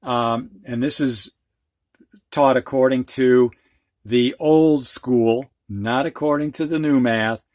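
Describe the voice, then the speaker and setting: A man's voice: medium pitch, steady tone, measured pace, no echo, clean studio sound. A middle-aged man teaching a reading lesson, patiently spelling out letters and walking through each step. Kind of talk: instructional video lesson.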